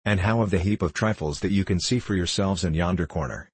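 A man reading as a boastful, husky-voiced archer. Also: sits low, brisk, a little mellow, no echo. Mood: hearty boasting. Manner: hearty, boastful, free-spoken. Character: boastful swaggering male English archer soldier.

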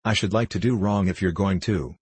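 A man's voice: sits low, a little fast, husky, no room sound. A man reading a storybook aloud, voicing a small, loyal little girl. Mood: devoted. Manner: hushed and devoted.

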